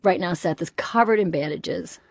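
A woman's voice: on the low side, normal speed, dry recording. A middle-aged woman recording an audiobook in a studio booth, trading dry, teasing jokes with a guest. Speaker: audiobook author and host. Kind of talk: playful studio banter and audiobook reading. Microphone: studio microphone.

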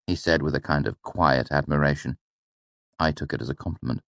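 A man reading first-person narration for an audiobook in a measured, steady storytelling manner. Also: very deep voice, no echo.

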